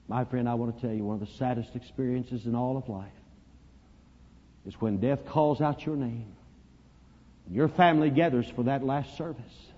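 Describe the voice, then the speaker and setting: A man preaching a sermon, telling a story dramatically and swinging from hushed to loud. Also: mid-range voice, breathy edge. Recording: dull lo-fi recording, long reverb.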